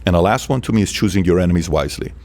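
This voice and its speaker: A man talks as a guest on a podcast in a lowish voice, telling stories with plenty of drive. He leans hard into his points and acts out the lines of the people he quotes. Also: rapid-fire, a little mellow. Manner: emphatic, acts out quoted dialogue. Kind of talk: animated storytelling.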